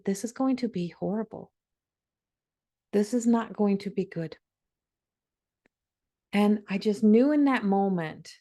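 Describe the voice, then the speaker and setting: Mellow-voiced woman telling a personal story. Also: medium pitch. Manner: emotional, conversational, many restarts. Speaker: podcast host.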